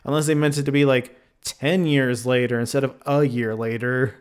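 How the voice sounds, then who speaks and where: A man's voice: mid-range voice, fairly even intonation, moderate pace, smooth. A man co-hosting a casual movie review chat, sarcastic and full of rhetorical questions. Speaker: podcast co-host.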